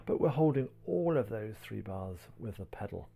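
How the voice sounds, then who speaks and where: A man teaching a piano piece step by step. He talks gently while he plays and counts the beats aloud. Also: fairly low pitch, expressive, moderate pace, gravelly, husky. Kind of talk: piano tutorial, talking while playing. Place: indoors at a piano. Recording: talk over loud piano playing.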